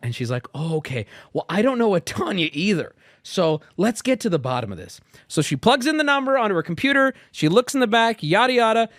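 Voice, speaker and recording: Animated man ranting through a story. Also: high voice, fairly quick, hardly any pauses, no room sound, clean studio sound. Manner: animated, swearing, acts out exasperated dialogue. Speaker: streamer telling a story. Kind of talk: casual storytelling rant.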